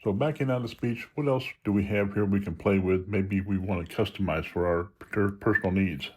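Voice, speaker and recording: A man's voice: on the low side, a little fast, a little mellow, slightly rough. A man giving a casual tutorial on phone settings, explaining each step in an easygoing way with small restarts. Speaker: video creator demonstrating phone settings. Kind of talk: casual screen-reader tutorial.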